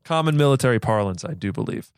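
A man's voice: medium pitch, lively intonation, fast talker, clear, resonant tone, dry recording. Stammering man with dry humor. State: recovering from illness. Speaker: podcast guest. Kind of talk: casual podcast chat.

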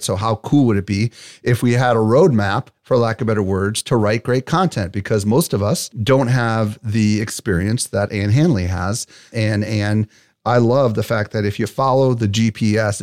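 A man's voice: on the low side, normal speed, darkish tone, dry recording, studio quality. A male podcast host, enthusiastic and conversational, who often checks in with "right?". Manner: enthusiastic, keeps saying "right?". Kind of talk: podcast interview.

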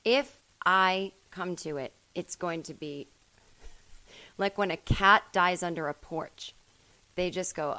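Woman, comedy podcast host, low voice, dry sound, rambling, self-mocking monologue. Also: takes it slowly, no room sound, low-quality recording. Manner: rambling, self-mocking, swings into loud bursts. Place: at home.

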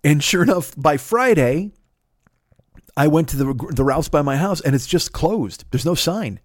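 A male podcast host spins a story as a swearing rant, his voice leaping around in a lively, slightly raised register. The sound is close and dry, with almost no room around it. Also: a little high, unhurried, no room sound. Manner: animated, swears constantly, builds to shouting.

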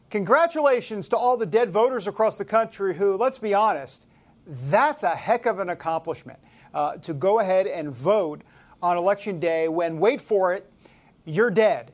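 High-voiced wisecracking male talk host. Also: lively intonation, normal speed. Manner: wisecracking, sarcastic asides. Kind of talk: casual political talk show.

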